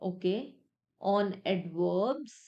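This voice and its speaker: A woman's voice: mid-range voice, extremely slow, lo-fi sound. A young woman teaching an exam-prep lesson, explaining each point step by step and repeating it with many "okay"s. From India. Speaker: English test tutor.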